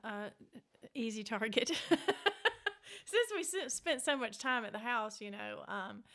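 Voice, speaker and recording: A middle-aged woman with a Mississippi Southern accent, an author telling family stories in a casual interview, animated and quick to act out voices. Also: fairly high pitch, gravelly. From Mississippi Delta. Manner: animated, acts out quoted voices, laughs often. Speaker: author, guest.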